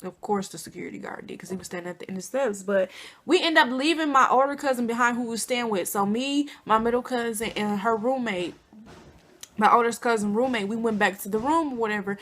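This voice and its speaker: Bright, chatty young woman telling a story. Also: fairly high pitch, brisk. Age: young adult. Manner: chatty, animated, many fillers. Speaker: vlogger. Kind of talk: casual storytelling.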